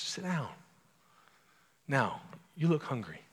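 A pastor giving a sermon in a casual, storytelling way, breaking off for asides to the congregation. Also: male voice, mid-range voice, very animated, takes it slowly, long pauses, slightly rough. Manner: conversational, self-interrupting storyteller with asides to the congregation. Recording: long hall reverb.

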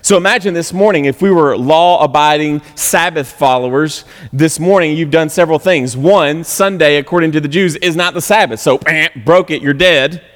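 A man's voice: on the high side, normal speed, hardly any pauses. Man preaching in a reverberant church. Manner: conversational, sarcastic, animated preaching. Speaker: pastor. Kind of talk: sermon. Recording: long hall reverb.

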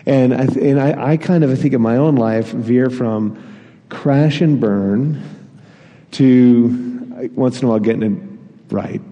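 A man's voice: medium pitch, unhurried, dark tone, highs cut off. A man preaching a sermon in a church hall, telling stories with a self-deprecating manner and frequent chuckles. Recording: long hall reverb.

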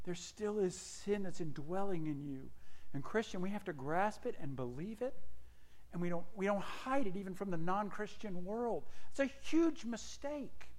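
A male pastor delivers a sermon in a slightly high voice. He tends to let his voice fall away at the moments he means to stress, then grows lively and self-mocking as he tells a story about himself. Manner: drops his voice at points of emphasis; animated storytelling with self-deprecating asides.

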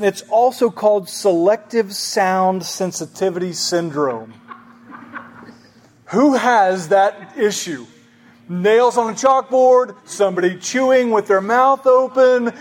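A man preaching a conversational sermon as pastor, often asking the congregation questions. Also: high-pitched.

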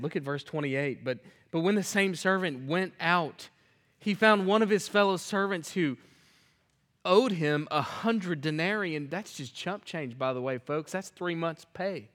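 A man preaching a sermon in a church, reading scripture aloud and acting out its lines, swinging from loud emphasis to hushed whispers. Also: high-pitched. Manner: reads scripture aloud and acts out the characters' lines. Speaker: pastor.

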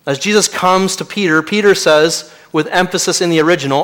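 A man preaching an expository sermon, his voice sitting somewhat high for a man. He often sinks into a hushed, emphatic delivery on key phrases. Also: fairly quick, few pauses. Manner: expository preaching, drops to quiet emphatic lines. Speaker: pastor.

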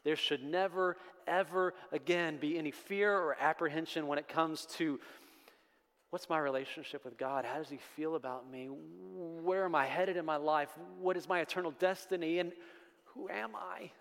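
A man preaching a sermon, his emphatic delivery swelling on repeated refrains. His voice sits a little high for a man and rings out with a long reverb. It sounds like a church sanctuary. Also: steady tone, normal speed, a bit bright. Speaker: pastor.

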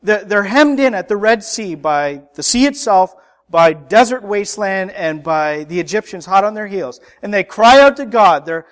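A man with a fairly high voice preaches a Sunday sermon. He is a middle-aged pastor who builds emphasis and doubles back on his words as he drives a point home. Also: lively intonation, normal speed.

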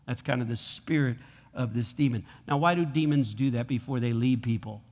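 A man's voice: mid-range voice, brisk, a little mellow. Male pastor, church sermon, big hall echo, repeats for emphasis. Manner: preaching with rising force and repeated lines. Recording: long hall reverb.

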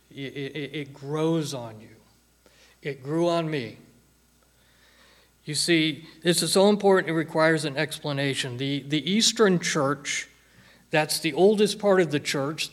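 A male pastor delivering a sermon at an unhurried pace. He speaks in a slightly raised register, stressing and repeating phrases to drive points home. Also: fairly high pitch. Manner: slow, emphatic preaching with repeated phrases.

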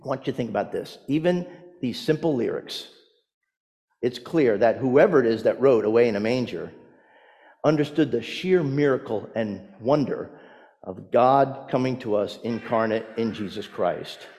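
A man's voice: mid-range voice, moderate pace, a little mellow. A man, a pastor, preaching a sermon and telling stories with rising emphasis. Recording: long hall reverb.

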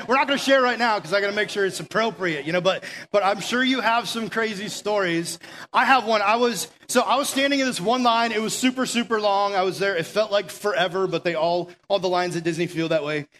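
A man's voice: high-pitched, bright, forceful tone. A young man giving a casual youth sermon, telling stories in a chatty way full of "like" and "right?". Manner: chatty storytelling, lots of "like" and "right?". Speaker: youth pastor. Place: church meeting room.

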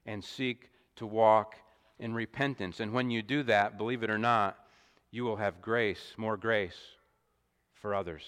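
A man preaching an expository sermon in a measured, deliberate way, with emphatic rises and small restarts. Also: on the low side, steady tone, fairly bright tone, smooth. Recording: long hall reverb.

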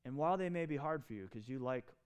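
A man preaching a sermon in an animated, emphatic way, with quick asides and restarts. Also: mid-range voice, clean tone. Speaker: pastor.

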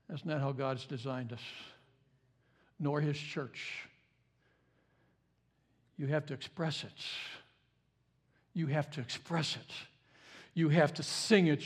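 This pastor delivers his sermon conversationally, returning to key phrases again and again for emphasis. His volume shifts between forceful, loud outbursts and quiet, low asides.

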